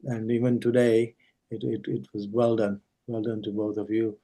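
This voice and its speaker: A man who organizes a scripture study series, gently encouraging and advising the speakers over a video call. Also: fairly low pitch, flat delivery, moderate pace. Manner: gentle, encouraging, gives friendly advice. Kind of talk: devotional group discussion on a video call.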